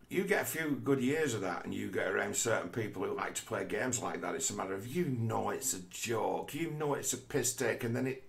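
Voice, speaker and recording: A man's voice: fairly low pitch, gravelly. A man delivering a rambling philosophical monologue, swearing heavily and restarting his sentences often. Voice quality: heavy swearing, restless restarts. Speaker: vlogger.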